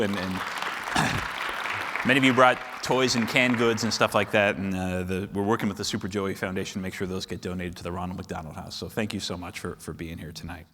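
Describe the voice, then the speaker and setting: A man's voice: fairly low pitch, background noise. A man giving friendly, upbeat hosting remarks at an event, speaking directly to the audience. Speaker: foundation officer, event host. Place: large event hall with audience. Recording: long hall reverb with crowd.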